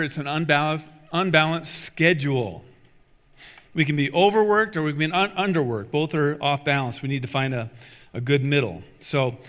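A man's voice: on the high side, fairly bright tone. A middle-aged man, a pastor, preaching a sermon in an earnest, exhorting way, repeating his key phrases. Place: church sanctuary. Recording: long hall reverb.

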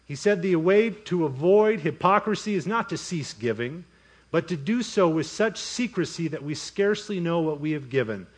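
A man preaching a sermon from the pulpit in a somewhat high voice. He keeps the talk lively, slipping into quick voiced asides and mock inner monologues between points. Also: breathy edge. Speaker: pastor.

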